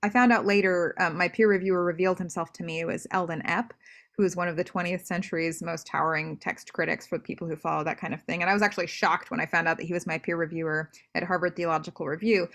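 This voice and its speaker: A young woman scholar as an interview guest on a video call, telling stories with animated asides and frequent restarts. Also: fairly low pitch, quick pace. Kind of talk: interview conversation.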